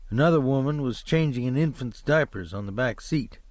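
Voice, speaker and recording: A man reads a crime novel aloud in a steady, measured way, his voice sitting at an ordinary middle pitch. The recording is close and dry, with no room sound. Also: no echo. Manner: steady, measured, descriptive reading. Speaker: audiobook narrator. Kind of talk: scripted audiobook narration.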